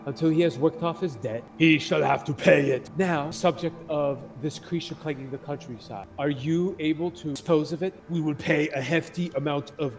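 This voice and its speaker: Imperious female sphinx judge, booming and measured, played by a man. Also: soft background music, close to an everyday voice. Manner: loud, slow, formal decree.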